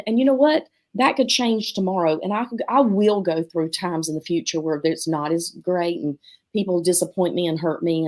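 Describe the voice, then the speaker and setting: A middle-aged woman who owns a dance studio, telling stories in a casual chat and acting out the voices of people she quotes. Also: fairly low pitch. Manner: animated, acts out quotes in different voices. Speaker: guest, dance studio owner.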